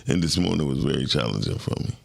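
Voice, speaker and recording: A man's voice: very deep voice, animated, quick pace, gravelly. A man co-hosting a casual morning show, playful and teasing in tone. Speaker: co-host.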